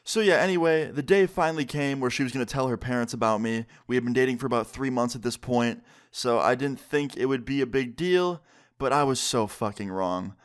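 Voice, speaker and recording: A man's voice: medium pitch, fairly quick, smooth. A young man telling a story on his YouTube channel in a casual way, with lots of "like" fillers. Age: young adult. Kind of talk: storytime vlog.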